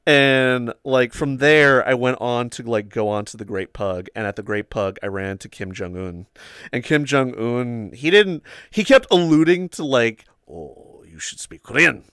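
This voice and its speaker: A man's voice: mid-range voice, unhurried, a bit bright, clear, resonant tone, no room sound, studio quality. Rambling young man telling stories. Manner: rambling, full of "like" and "um". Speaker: livestream host. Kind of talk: casual storytelling chat.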